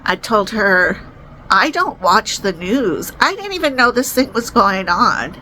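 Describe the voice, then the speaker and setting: A young woman telling a personal story to the camera, emotional and rising into high-pitched distress. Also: big pitch swings, a little slow, bright, forceful tone, slight background noise, poor audio. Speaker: vlogger.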